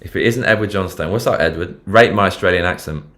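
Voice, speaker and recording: A London livestream host speaks fast in a low-pitched, fairly bright voice. Casual and rambling, he curses freely and uses slang as he comments over the news and reads viewers' messages.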